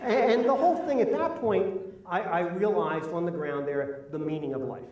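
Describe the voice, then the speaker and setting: A man's voice: sits high, expressive, moderate pace, a little mellow, a faint crowd. A middle-aged man telling a self-deprecating, complaining comic story at a live story slam. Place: live event venue. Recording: roomy hall, mic at a distance.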